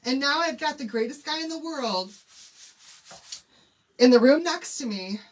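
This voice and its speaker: Speaking a little slowly in a high pitch with lively intonation, a middle-aged woman runs a chatty crafting livestream tutorial. She weaves in an emotional personal story and addresses her audience as "y'all." There's faint noise in the background.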